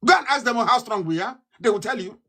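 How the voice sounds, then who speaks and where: A Nigerian man giving a fiery live broadcast speech, ranting and repeating himself, swinging between loud outbursts and low mutters. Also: lively intonation, fast. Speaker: political broadcaster.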